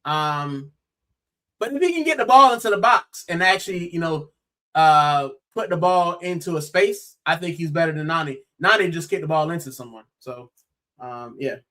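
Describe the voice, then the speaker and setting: A man's voice: a little high, moderate pace. A young American man on a football podcast, talking animatedly in casual chat and saying bro a lot. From United States. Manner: animated, exclaiming, says bro often. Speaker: podcast co-host.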